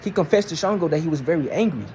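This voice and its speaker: A man's voice: a little high, lively intonation, very fast, darkish tone, a little hiss or hum. A young man retelling a myth in a casual, rambling, slangy way. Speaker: storyteller. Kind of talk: casual storytelling.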